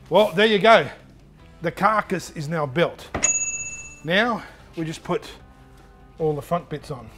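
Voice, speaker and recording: A man's voice: fairly high pitch, expressive, takes it slowly, pauses often, a bit bright, soft background music. A man who jokes and banters while he works on a build. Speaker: show host assembling furniture. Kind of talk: casual chat while working.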